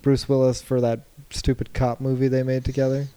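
A man's voice: medium pitch, little pitch movement, a little fast, warm tone, smooth. A man co-hosting a casual podcast chat, telling stories with wry asides. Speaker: podcast co-host.

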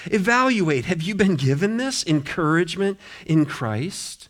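A middle-aged man preaching a sermon as pastor, impassioned, swinging between loud appeals and quiet, low asides. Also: big pitch swings, measured pace. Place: church sanctuary.

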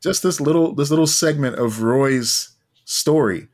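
A man's voice: on the high side, a little mellow. A man co-hosting a podcast, chatting casually in a wry, loose way, sometimes reading aloud and swearing for emphasis. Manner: wry, profane, drawn-out musing. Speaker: podcast co-host. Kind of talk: casual chat.

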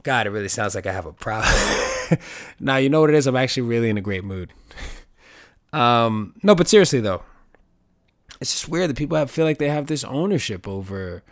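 A man's voice: mid-range voice, a little fast, no room sound, studio quality. Profane man ranting on a podcast. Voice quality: profane, rambling, animated when quoting others. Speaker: podcast host. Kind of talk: casual monologue.

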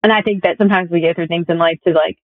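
A woman's voice: on the low side, fairly even intonation, very fast, no room sound. A young woman chatting casually as a guest and telling personal stories with lots of fillers. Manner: chatty storytelling with many fillers. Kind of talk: casual conversation. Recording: tinny phone-like audio.

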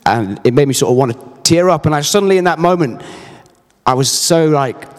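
A man's voice: on the high side, animated, a little fast, in a large hall. A man in his thirties preaching a sermon, earnest and emphatic, mixing scripture with personal stories. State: briefly emotional.

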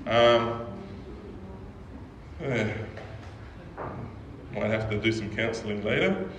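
A man's voice: on the low side, slow, background noise. A man preaching a sermon as pastor, talking in a conversational way and often checking in with the audience. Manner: conversational preaching with frequent "right?" check-ins. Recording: echoey hall with faint ambience.

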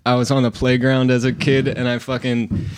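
A man's voice: medium pitch, completely flat delivery, normal speed. A man telling a laid-back story in a casual podcast chat. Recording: noisy background.

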